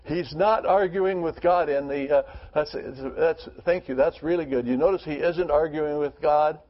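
A man's voice: on the high side, normal speed, muffled recording. A man leading a Bible study group, reading scripture aloud and then talking it over earnestly with rhetorical questions.

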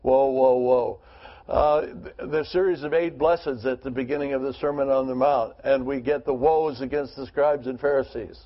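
A man's voice: mid-range voice, steady tone, normal speed, few pauses, lo-fi sound. A man leading a Bible study group, reading scripture aloud and then talking it over earnestly with rhetorical questions.

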